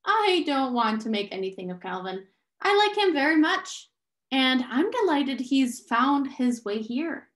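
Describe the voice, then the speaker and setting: A woman reading aloud and voicing a calm, modest mother who speaks gently, in an echoey room. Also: high-pitched, measured pace, voice pushed up. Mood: gentle.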